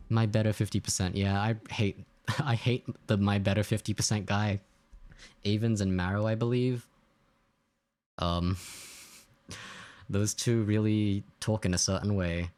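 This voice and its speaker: A man's voice: on the low side, steady tone, a little slow, pauses often, darkish tone. A man casually chatting while streaming a game, rambling and joking as he reads chat aloud.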